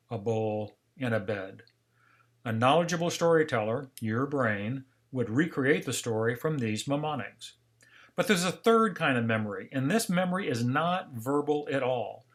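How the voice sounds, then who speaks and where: An older man delivers a seminar lecture in a calm, storytelling manner. His voice sits at an ordinary middle pitch, and he acts out remembered conversations along the way. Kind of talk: scripted seminar narration.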